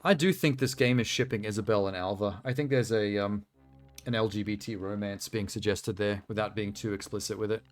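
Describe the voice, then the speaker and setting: A man's voice: on the low side, fairly even intonation, fairly quick, faint music behind. A man streaming a video game, chatting casually and rambling through asides with a self-deprecating humor. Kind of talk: casual live-stream commentary.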